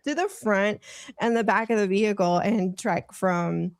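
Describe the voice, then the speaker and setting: A woman's voice: mid-range voice, measured pace, dry recording. A woman guest on a podcast, telling a long story in a rambling, casual way and laughing often. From United States.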